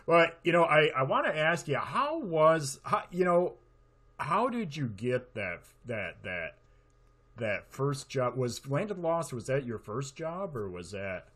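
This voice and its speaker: Man host, casual interview, halting speech, lively pitch, repeats words. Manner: friendly, halting, repeats himself. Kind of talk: casual interview over video call.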